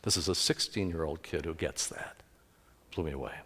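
A middle-aged male pastor preaching a sermon in a church, telling stories with sudden loud emphases. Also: extremely low pitch, moderate pace. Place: church sanctuary. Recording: echoey church hall with long reverb.

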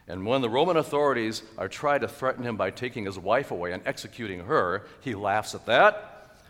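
A male pastor preaching a sermon in a church, animated and chuckling, with sudden loud exclaimed quotes. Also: on the low side, fairly quick, in a large hall. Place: church sanctuary.

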